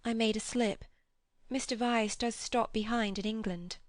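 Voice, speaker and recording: A woman's voice: fairly high pitch, steady tone, unhurried, dry recording, clean studio sound, voice pushed up, natural voice. A woman reading an audiobook, voicing an anxious, proper young lady who speaks in a raised, pleading way. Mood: strained.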